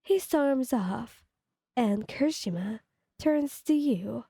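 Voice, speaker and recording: A woman narrating a second-person fan story in a plain, steady read-aloud manner. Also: fairly high pitch, slow pace, husky, no room sound, studio quality.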